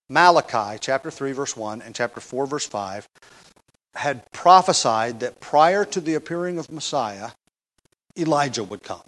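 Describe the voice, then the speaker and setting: Guy preaching a bible study sermon, kinda high voice, leans hard on key words. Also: sing-song, fairly bright tone, rough recording. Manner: emphatic, slows down for stress; asks the congregation rhetorical questions. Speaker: pastor. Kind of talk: expository sermon.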